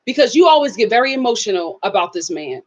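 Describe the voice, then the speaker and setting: A woman voicing a calm young man who questions his girlfriend in a level tone. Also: on the high side, quick pace, dull audio, voice pushed down. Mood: probing.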